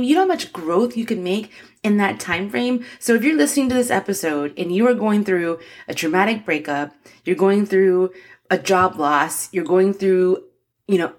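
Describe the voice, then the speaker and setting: In a motivational podcast monologue, a woman in her forties who hosts the show talks earnestly and emotionally to her listeners, offering encouragement and laughing often. Her voice is medium-pitched and a little slow.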